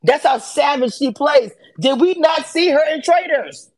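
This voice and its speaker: A woman hosting a casual live audio chat about reality TV, animated and sassy. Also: a little slow. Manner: animated, sassy, acts out quotes with swings in pitch. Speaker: host of a reality TV discussion space.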